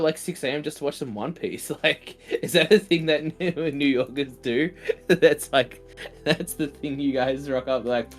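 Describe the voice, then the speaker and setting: A man co-hosting a card game livestream, relaxed and rambling, often dropping into quieter asides while greeting viewers. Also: mid-range voice, unhurried, faint music behind. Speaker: co-host and commentator. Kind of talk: casual livestream commentary.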